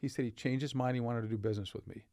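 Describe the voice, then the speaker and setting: A man's voice: medium pitch, fairly even intonation, rapid-fire, darkish tone, dry recording, studio quality. An older man, a company founder, telling stories in a casual podcast interview and acting out the dialogue. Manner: anecdotal, acts out dialogue in stories. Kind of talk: casual storytelling. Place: podcast studio.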